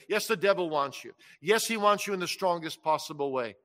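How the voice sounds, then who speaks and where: A male preacher delivers a fervent sermon in a somewhat high, bright and forceful voice. He swells to loud, slow declarations and sinks to hushed pleading. The sound carries a long reverb from a large hall. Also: expressive. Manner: impassioned, swells loud on quoted words of Jesus and drops soft on pleading.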